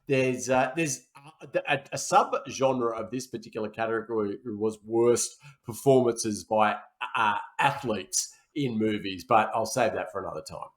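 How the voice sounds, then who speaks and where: A man's voice: lowish voice, measured pace, few pauses. A man co-hosting a film podcast, chatting casually in rambling, self-correcting banter. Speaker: podcast co-host. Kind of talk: casual chat.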